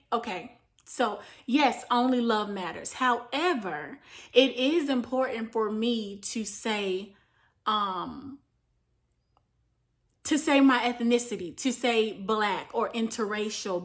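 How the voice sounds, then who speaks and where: A woman's voice: a little high, a bit bright. A young woman from the United States talking earnestly to camera in a vlog, explaining at length with frequent fillers. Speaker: vlogger. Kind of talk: casual talk to camera, reading from notes.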